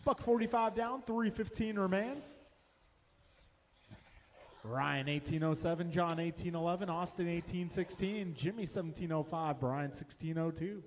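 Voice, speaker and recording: Race announcer, male, fairly high voice, brisk calls of lap times, echoing venue with faint hum. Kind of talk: race commentary.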